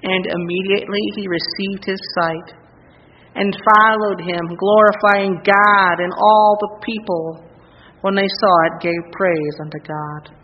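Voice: medium pitch, steady tone, unhurried. A preacher giving a sermon who reads scripture verses aloud and then speaks directly to the listeners to urge them on. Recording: long reverb, dull lo-fi sound, faint noise.

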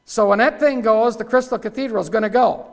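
A man preaching a sermon in a rough, folksy way, breaking into loud outbursts and sliding back to plain talk. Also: sits high, fairly quick. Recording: echoey hall with long reverb.

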